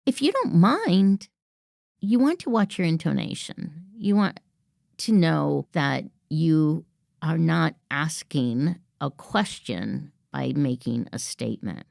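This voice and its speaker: Assertive woman podcast host, gravelly. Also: low voice, big pitch swings, takes it slowly, darkish tone, no echo, clean studio sound. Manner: assertive, coaching, acts out example phrases. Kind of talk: instructive podcast monologue.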